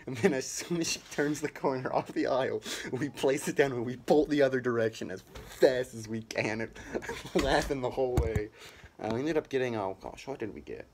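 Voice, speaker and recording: Young male comic, mock presidential pitch, deadpan rambling bluster. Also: moderate pace, slight background noise. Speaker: comedian. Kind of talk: mock campaign speech.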